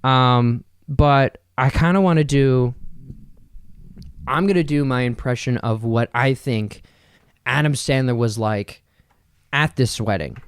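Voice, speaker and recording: Brief: a male podcast host, rambling, jokey, clear smooth voice, dry close sound. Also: mid-range voice, slow, pauses often, no echo. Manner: rambling, joking, full of fillers and asides. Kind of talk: casual solo podcast chat.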